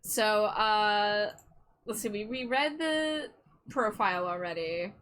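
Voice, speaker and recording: A woman hosting a live stream, chatting casually and excitably, swearing freely. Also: mid-range voice, slow pace. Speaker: streamer host.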